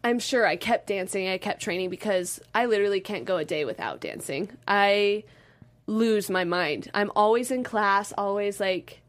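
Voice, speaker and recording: Young female dancer guest, bubbly and animated, everyday pitch. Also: normal speed. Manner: bubbly, animated storytelling with acted-out quotes. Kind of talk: casual interview.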